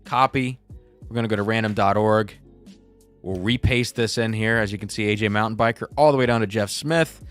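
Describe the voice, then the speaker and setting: A man's voice: fairly low pitch, fast, fairly bright tone, soft background music. A young man hosting a casual live stream, chatty and reading viewer comments aloud. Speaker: livestream host.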